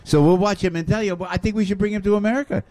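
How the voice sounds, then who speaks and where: A man hosting a lively radio show, effusive and often raising his voice. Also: high-pitched, racing. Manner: excitable, effusive, raises voice often.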